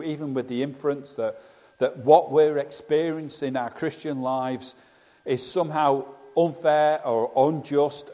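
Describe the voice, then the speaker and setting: A man preaches in an earnest, conversational manner, leaning on rhetorical questions. His voice is mellow, with an average pitch. The church hall gives it a long, trailing reverb. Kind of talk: sermon.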